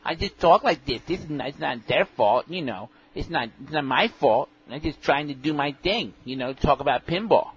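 A man's voice: a little high, expressive, moderate pace, few pauses, husky, exaggerated voice. A man voicing an odd, rambling pinball fan who talks in a childlike, repetitive, self-important way. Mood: rambling earnest. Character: odd, rambling middle-aged male pinball know-it-all. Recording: dull lo-fi podcast audio, faint hiss.

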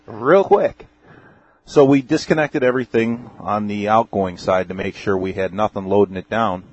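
Matter-of-fact low male voice. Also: a little slow, slightly rough, dry recording. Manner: plain, matter-of-fact, step by step. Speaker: podcast guest. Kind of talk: casual technical explanation. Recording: dull, dry lo-fi audio.

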